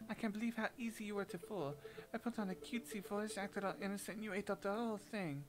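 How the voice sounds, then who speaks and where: A man voicing a scheming, mocking noblewoman in a game, pitched well above his own voice. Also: fast, close to an everyday voice.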